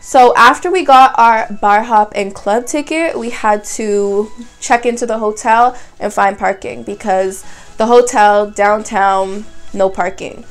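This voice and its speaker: A woman's voice: mid-range voice, fairly even intonation, a little slow. An eighteen-year-old woman, telling a story vlog in a chatty, dramatic way and saying "like" a lot. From Canada. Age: young adult, 18. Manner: chatty, dramatic retelling with frequent "like". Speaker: vlogger. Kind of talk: casual storytime.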